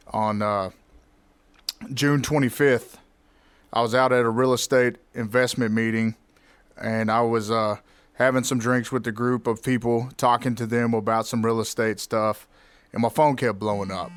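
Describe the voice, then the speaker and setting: A man hosting a podcast, telling a personal story in a reflective, candid way with halting restarts. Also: medium pitch, dry recording. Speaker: podcast host.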